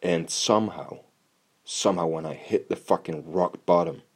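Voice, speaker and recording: Deep-voiced man swearing bluntly. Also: moderate pace, darkish tone, slightly rough. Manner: blunt, heavy swearing, repeats words when starting; motivational, tough-love tone. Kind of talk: casual monologue.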